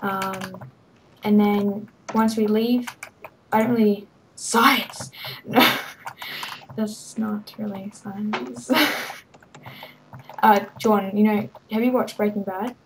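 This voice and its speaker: A woman's voice: mid-range voice, fairly even intonation, slow, pauses often, slight background noise, poor audio. A woman giving a rambling, hesitant walkthrough of her game server, full of ums and little laughs. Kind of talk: casual game walkthrough commentary.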